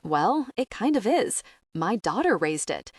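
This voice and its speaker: A woman's voice: mid-range voice, very animated, a little slow, husky, no room sound, studio quality. A woman reading an audiobook, voicing a smug, sadistic middle-aged man who drawls in a mocking, falsely friendly way.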